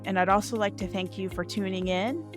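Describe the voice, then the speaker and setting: A woman hosting a podcast, welcoming her guest warmly. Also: medium pitch, steady tone, fairly quick. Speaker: podcast host. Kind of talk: podcast intro and interview. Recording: intro over music.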